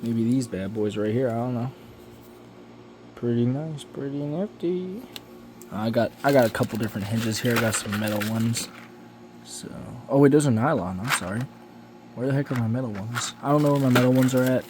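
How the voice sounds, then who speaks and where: A man's voice: medium pitch, brisk, background noise. A man talking through his build in a home workshop, loose and rambling. His delivery is offhand, full of slang and the odd curse. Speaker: hobbyist building a model plane. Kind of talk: casual workshop vlog.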